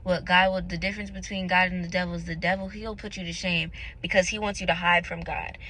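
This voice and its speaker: A woman's voice: fairly low pitch, flat delivery, fast, pushed and bright, slight background noise, rough recording. A young woman vlogging about her faith, talking casually and candidly to her viewers in an earnest, searching way. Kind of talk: casual confessional talk to camera.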